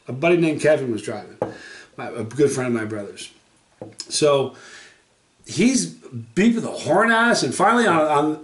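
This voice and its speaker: A man of middle pitch tells a personal story straight to camera, casual and rambling. He keeps stopping to correct himself. His voice sounds roomy and echoey. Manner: rambling, often corrects himself mid-sentence. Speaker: hot sauce reviewer telling a personal story.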